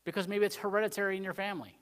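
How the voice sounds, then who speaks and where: A man preaching a Wednesday sermon in church in a rambling, conversational way, full of "you know" fillers, swinging between emphatic points and quiet asides. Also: high voice, fairly even intonation, very fast. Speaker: pastor.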